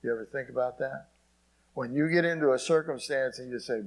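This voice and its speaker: A man's voice: mid-range voice, fairly quick, rough recording. A man preaching a sermon, quoting scripture and dropping in frequent amens. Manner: preaching with frequent "amen" asides and scripture quotes. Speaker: pastor.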